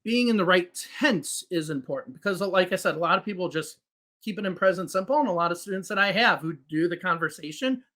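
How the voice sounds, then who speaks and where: This English teacher, a man and native speaker, explains grammar patiently on a podcast, offering spoken examples as he goes. He talks fast in a high, bright voice that is animated and forceful.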